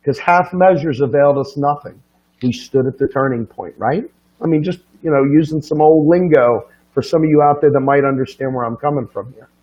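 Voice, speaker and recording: A fired-up man preaches his point in a fervent, profane monologue, firing off rhetorical questions. His voice sits fairly high and leaps upward when he presses hardest. The recording is muffled and lo-fi. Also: fairly quick. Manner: swings from low and quiet to high and loud. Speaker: political commentator. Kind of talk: impassioned monologue.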